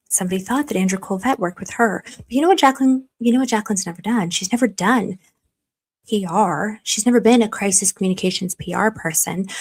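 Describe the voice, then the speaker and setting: Woman, livestream host, casual commentary, chatty, reads viewer comments, gushing, average pitch. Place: warm room at home.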